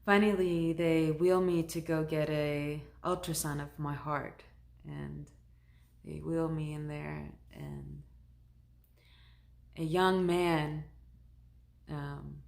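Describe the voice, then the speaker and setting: A woman who works as a shaman, recounting a personal story in a conversational, animated way. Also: low-pitched, slow pace, gravelly, long pauses.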